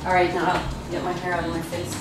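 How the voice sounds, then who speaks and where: A lowish-voiced woman speaks as an anthropologist in a documentary interview. She reflects aloud in a loose, conversational way, padding thoughts with "you know" and slipping in Arabic phrases. Clear music runs under her voice. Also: completely flat delivery, brisk.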